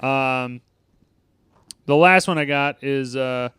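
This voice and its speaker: A man's voice: medium pitch, slow pace, fairly bright tone, clean tone, no room sound. A man co-hosting a casual movie review podcast, quoting lines in mock British voices and swearing casually. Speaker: podcast co-host.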